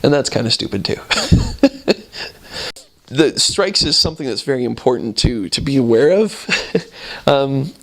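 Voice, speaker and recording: Relaxed man recalling mission life. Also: mid-range voice, unhurried, creaky, pauses often. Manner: relaxed, rambling, chuckling between points. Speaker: returned missionary. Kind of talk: casual storytelling about mission life.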